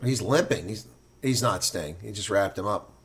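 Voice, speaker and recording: Bright-voiced excitable rugby play-by-play man. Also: on the low side, normal speed, breathy edge. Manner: excitable, rising sharply during big plays; blunt and opinionated. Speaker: play-by-play commentator. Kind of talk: live reaction play-by-play commentary.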